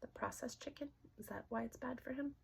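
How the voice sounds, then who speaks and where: Soft, gravelly-voiced woman half whispering. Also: high-pitched. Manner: soft-spoken, halting, often drops to a whisper. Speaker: dowsing-rod reader. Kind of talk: casual spoken session asking questions.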